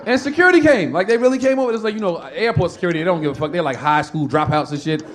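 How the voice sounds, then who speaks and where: A man doing stand-up comedy, telling a profane story in an animated way and acting out the people in it. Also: high-pitched, racing. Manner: animated, profane, acts out characters. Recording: live stage recording with noisy crowd. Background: audience laughter.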